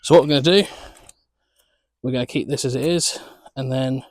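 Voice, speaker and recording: Young man, casual vlog chatter, jokey, mid-pitched. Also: a little fast, no echo. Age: young adult. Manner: chatty, jokey, laughs often. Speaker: vlogger.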